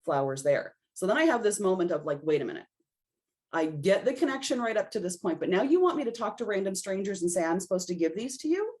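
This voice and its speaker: A woman's voice: mid-range voice, big pitch swings, quick pace, darkish tone. A woman guest on a podcast, telling a personal story in casual conversation and acting out her own reactions as she goes. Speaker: podcast guest, intuitive reader.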